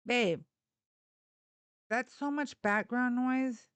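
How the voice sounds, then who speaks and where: A woman talking casually to her livestream audience, rambling from one thing to the next. Her voice is smooth and resonant, and the sound is close and dry with no room echo. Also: a little high, very slow. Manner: chatty, rambling, addresses viewers as y'all. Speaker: livestream host.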